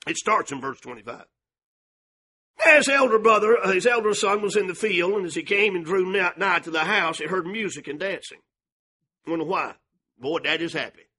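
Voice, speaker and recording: A man preaching a sermon, folksy and fervent, dropping to a hush and then rising to a shout. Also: high-pitched, breathy edge. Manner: fervent, swings from hushed to shouting; folksy, calls out to the congregation.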